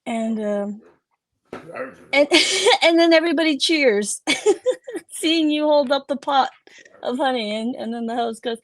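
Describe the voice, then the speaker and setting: A woman narrating a tabletop game as game master, relaxed and hesitant, with many fillers. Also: high voice, unhurried, pauses often.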